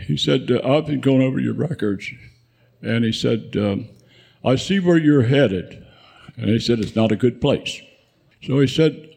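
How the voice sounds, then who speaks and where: Man in his 90s, gravelly, husky, rambling chuckling storyteller, veteran recalling the war. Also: medium pitch, darkish tone. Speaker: veteran guest. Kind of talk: spoken war memoir. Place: live audience event.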